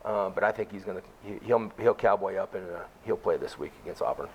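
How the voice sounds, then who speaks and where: A man's voice: low voice, fast talker, highs cut off, slight background noise. A man on a podcast chatting casually about college football injuries and betting picks, rambling with lots of fillers. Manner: rambling, full of fillers and asides. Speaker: podcast co-host. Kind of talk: casual sports betting chat.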